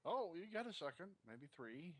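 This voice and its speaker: A man's voice: fairly high pitch, sing-song, normal speed, slightly rough, dry recording. A man running a tabletop game as dungeon master over online voice chat, giving laid-back rulings with light teasing.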